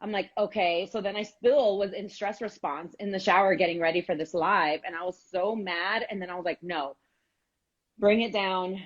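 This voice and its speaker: A woman co-hosting a casual live stream, telling a candid, animated story with some swearing. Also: mid-range voice, normal speed, lo-fi sound. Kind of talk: casual chat.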